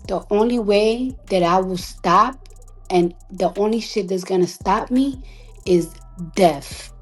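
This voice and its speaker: A woman artist delivering an emotional, defiant monologue on a live audio chat, repeating herself for emphasis, swearing freely and sometimes dropping to a hushed whisper. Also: medium pitch, faint music behind. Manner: emphatic, defiant, repetitive, profane; slows to a hushed whisper at times. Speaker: recording artist.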